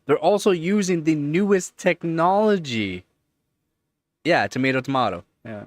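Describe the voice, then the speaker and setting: A man's voice: fairly high pitch, sing-song, measured pace, no echo. A man with a Canadian accent, hosting a live stream and chatting casually, rambling and repeating points for emphasis. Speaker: livestream host.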